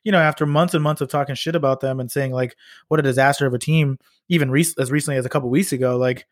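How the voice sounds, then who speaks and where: Fast-talking young man, casual sports chat. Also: medium pitch, steady tone, dry recording, clean studio sound. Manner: fast, loose, swears casually. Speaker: podcast co-host.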